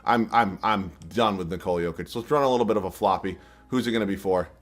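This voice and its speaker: A man's voice: low-pitched, fast, faint music behind. A young man commenting live on his own basketball video game, self-deprecating and prone to frustrated, swearing outbursts. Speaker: gaming YouTuber.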